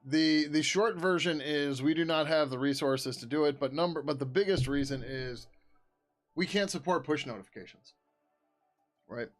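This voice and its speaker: A man's voice: a little high, moderate pace, soft background music. A man chatting casually on a live stream while he works on code, reading out and answering chat questions and laughing often. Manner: drops into a loud joking whisper. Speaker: open-source developer streaming.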